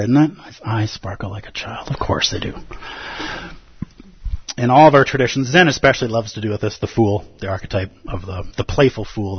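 A man with a husky, slightly breathy voice gives a casual, playful Zen dharma talk to his group. The recording is dull and lo-fi, with a dry, close sound and no room around it. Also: mid-range voice, dry recording. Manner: conversational and playful, with frequent "like" and "right?". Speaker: Zen meditation teacher.

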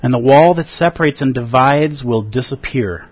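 A man, a Buddhist teacher, giving an earnest and expressive dharma talk at a retreat, acting out feelings with gasps and pauses. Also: mid-range voice, breathy edge, no echo. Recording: dull lo-fi recording.

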